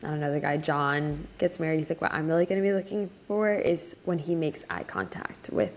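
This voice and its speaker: A young woman in her twenties, co-hosting a casual podcast, tells a story packed with "like" fillers. Her voice is low and a little fast, rising whenever she quotes someone.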